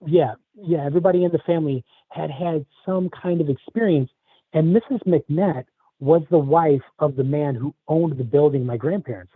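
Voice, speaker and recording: A man from the Chicago area telling a personal story in a halting, casual way, with many restarts. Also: fairly high pitch, husky, dry recording. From Chicago area, USA. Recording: tinny phone line, dry.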